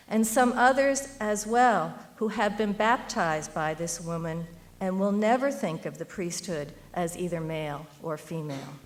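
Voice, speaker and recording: A middle-aged woman giving a prepared speech at a university event, earnest and rhetorical, building to emphatic appeals. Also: mid-range voice. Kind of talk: prepared speech read aloud.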